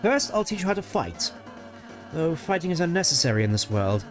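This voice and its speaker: A man putting on the voice of a bashful, kindly goat prince from a fantasy game. The voice sits higher than his own and stays gentle and polite, with hesitant pauses and a patient, coaching manner. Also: sing-song, soft background music. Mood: encouraging. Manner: soft, polite, hesitant with little ums. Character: gentle shy young fluffy goat prince. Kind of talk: video game voice-over reading.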